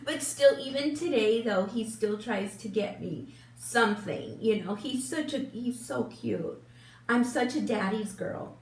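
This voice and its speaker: A woman in her fifties chats slowly and unhurriedly as she gets ready, rambling with plenty of ums and restarts. She sits a bit back from the camera in a room with a roomy echo. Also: a little high, a little mellow, recorded from a distance. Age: 50s. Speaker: beauty vlogger. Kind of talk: casual get-ready-with-me chat. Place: room at home in front of a big lit mirror. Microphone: camera a little way off, turned sideways.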